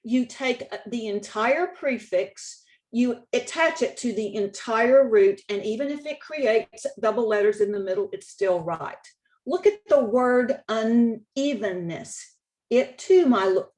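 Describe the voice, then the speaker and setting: A woman giving a slide-based presentation on spelling rules, speaking slowly and deliberately, stressing key words and repeating points for emphasis. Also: a little high, lively intonation, a little mellow. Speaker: state spelling contest director.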